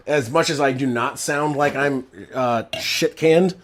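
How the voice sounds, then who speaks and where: A man live-streaming play-by-play commentary while reading chat, a little drunk and with a strained throat, swinging from low mumbles to loud shouts. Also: unhurried. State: tipsy, drinking. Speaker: livestream sports commentator.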